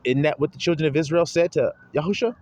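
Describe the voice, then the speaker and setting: A man preaches a sermon, pressing his listeners with rhetorical questions and calling them his little flock. His voice is on the high side, fast, and a little mellow, and the audio is dull.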